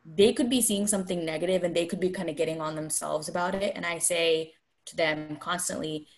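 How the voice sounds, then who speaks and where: Earnest young woman, low voice. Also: fairly even intonation. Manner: measured, earnest, reflective. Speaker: guest. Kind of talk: reflective conversation.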